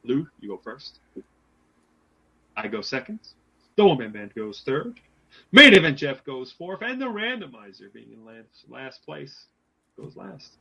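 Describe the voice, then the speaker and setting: A man's voice: mid-range voice, very animated, measured pace, creaky, long pauses, sharp tone, husky. A man co-hosting a casual podcast, upbeat and playful. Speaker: podcast co-host, scorekeeper. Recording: dull lo-fi audio.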